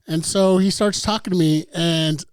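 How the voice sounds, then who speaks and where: A man's voice: fairly high pitch, fairly even intonation, normal speed, clear, resonant tone, no echo. A man co-hosting a podcast, telling a story in casual chat, blunt and profane. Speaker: podcast co-host.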